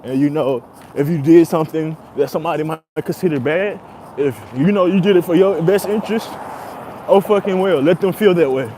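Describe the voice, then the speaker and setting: A young man rambles in a relaxed, profane, slang-heavy monologue, breaking into laughter often. His voice sits a little high for a man. Faint traffic noise from outdoors runs behind him. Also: a little fast. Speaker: podcast host. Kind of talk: casual monologue.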